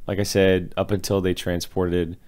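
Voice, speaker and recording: A man's voice: low-pitched, level tone, moderate pace, a little mellow. A man reviewing a movie in casual podcast chat, critical and exasperated, acting out lines he disagrees with. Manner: critical, exasperated, acts out quotes.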